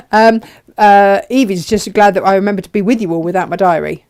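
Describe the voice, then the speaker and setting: A middle-aged woman hosting a live craft show, chatting brightly and reading out viewers' greetings. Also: mid-range voice, smooth. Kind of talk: casual live-stream chat.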